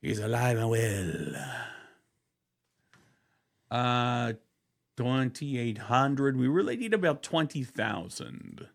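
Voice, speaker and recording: Gravelly oklahoma guy in his 40s, slow draggy talk, cracks up a lot. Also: medium pitch, animated. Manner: laughs often, rambling with fillers. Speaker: podcast co-host. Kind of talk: casual banter.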